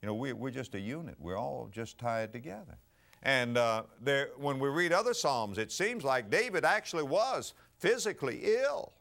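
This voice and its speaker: With a gravelly, medium-pitched voice and lively intonation at normal speed, a middle-aged male pastor delivers a sermon. He acts out voices in his stories and moves between soft asides and loud bursts.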